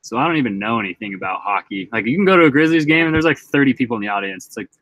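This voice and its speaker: A man's voice: mid-range voice, animated, rapid-fire, a bit bright, dry recording, rough recording. Young guy from utah chatting on a live stream, reading comments out, dry close sound. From Utah, USA. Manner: rambling, reads viewer comments aloud. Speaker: vlog host reading live chat. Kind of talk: casual live-stream chat.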